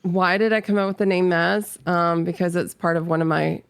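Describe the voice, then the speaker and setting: A woman's voice: fairly low pitch, steady tone, moderate pace, gravelly, clean tone, no echo. A woman from North Carolina, a guest in a casual chat, who laughs often and talks in hesitant restarts.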